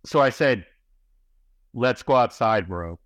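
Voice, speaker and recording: A man's voice: medium pitch, expressive, takes it slowly, fairly bright tone, dry recording. Profane rambling man telling a story. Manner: rambling, peppered with swearing and "right?", "bro". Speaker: podcast guest.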